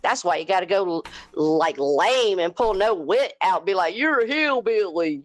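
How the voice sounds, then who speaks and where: A woman's voice: fairly low pitch, expressive, moderate pace. A woman with a Southern US accent, co-hosting a livestream at home on a headset mic, talking bluntly and with lots of swearing. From American South. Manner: blunt, profane, fired-up. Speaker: livestream co-host. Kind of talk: heated casual livestream rant. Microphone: headphones with mic.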